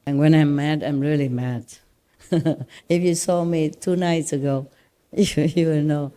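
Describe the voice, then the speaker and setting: A woman spiritual teacher with a Vietnamese accent, telling stories and reassuring her disciples in a casual, animated way. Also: deep voice, unhurried. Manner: reassuring, animated storytelling with laughs.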